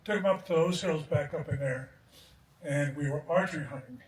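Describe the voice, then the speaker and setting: A man with a fairly high voice gives a joking eulogy outdoors at a memorial gathering, chuckling as he tells anecdotes at a moderate pace. The recording is echoey and distant, with a crowd behind him and slight background noise.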